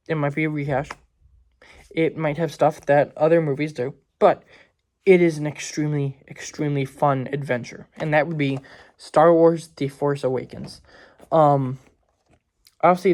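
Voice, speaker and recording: A man's voice: fairly high pitch, a little mellow. A man casually reviewing movies in a rambling way, filling his talk with "like" and "um". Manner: rambling, heavy use of "like" and "um" fillers.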